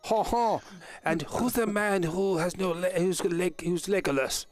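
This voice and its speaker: A man's voice: high-pitched, lively intonation, slow pace, soft background music, exaggerated voice. A man voicing a flustered, stammering elf woman with an odd, old-fashioned accent. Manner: stammering, flustered, many fillers.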